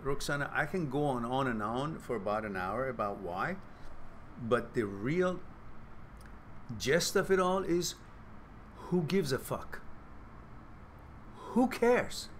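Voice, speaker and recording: A man hosting a Q&A advice talk, blunt, profane and animated. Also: mid-range voice, slow pace, long pauses, a little hiss or hum. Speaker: host and author giving advice.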